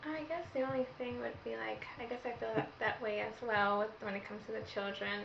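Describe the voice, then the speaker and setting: Hesitant woman co-host, gravelly voice, roomy lo-fi sound with faint hiss. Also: a little high, steady tone, a little fast, fairly bright tone. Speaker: co-host, the host's wife. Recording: roomy, dull, faint hiss, away from the mic.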